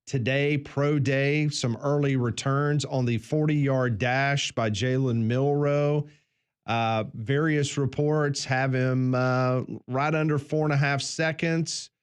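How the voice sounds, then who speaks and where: A man's voice: mid-range voice, fairly even intonation, slow, smooth. A man co-hosting a morning sports talk radio show, laying out the news with asides. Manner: chatty, explains the news with asides.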